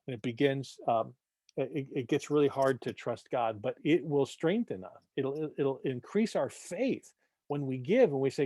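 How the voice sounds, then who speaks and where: A man's voice: medium pitch, moderate pace, dark tone, no room sound, studio quality. A man teaching an adult church class in a conversational way, often repeating words, checking in with the room and punching his points with jokes. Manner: conversational, repeats words, keeps asking "right?"; tells jokes, punchy emphasis.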